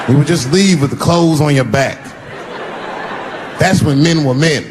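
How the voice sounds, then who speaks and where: A male stand-up comedian telling a story on stage, animated and punchy, swearing freely and jumping into voices, recorded live with audience noise. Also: a little high, measured pace.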